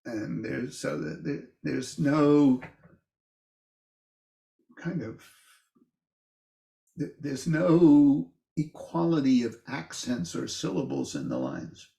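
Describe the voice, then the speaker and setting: An older lecturer with a gravelly, fry-edged voice gives a relaxed, informal poetry class in an echoey room. He talks slowly and thoughtfully, halting often, restarting phrases and saying "uh" as he thinks. When he reads verse aloud, he grows livelier and his voice rises.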